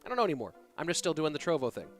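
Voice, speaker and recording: A man's voice: on the high side, very animated, racing, faint music behind. A man hosting an esports live stream, chatting in a laid-back, joking way. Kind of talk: casual live-stream commentary.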